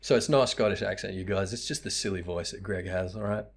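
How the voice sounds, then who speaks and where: A man's voice: deep voice, fast. A young man chatting casually as he streams a game, tired, swearing freely and laughing at what he sees. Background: game music.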